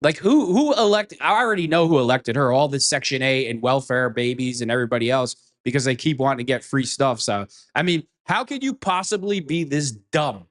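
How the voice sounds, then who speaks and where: A man's voice: mid-range voice, animated, a little fast, hardly any pauses. A man hosting a political commentary show, reacting to clips in a scornful, mocking way and swearing.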